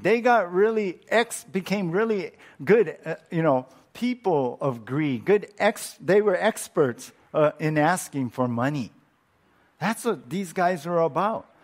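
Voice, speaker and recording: A man pastor teaching through a Bible passage in a conversational, animated way, with frequent restarts. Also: a little high. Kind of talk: expository Bible teaching sermon.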